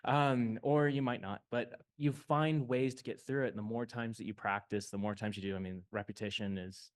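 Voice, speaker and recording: A man's voice: lowish voice, fairly even intonation, moderate pace. A man from the United States, casually telling stories of suit tests on a panel. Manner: casual, uses "like" a lot.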